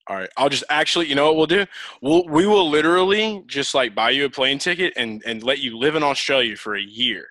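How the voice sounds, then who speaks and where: Jokey, bright-voiced man teasing his co-host. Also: mid-range voice, expressive, a little fast, no echo. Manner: jokey, teasing, bursts of laughter. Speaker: podcast host. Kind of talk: casual chat.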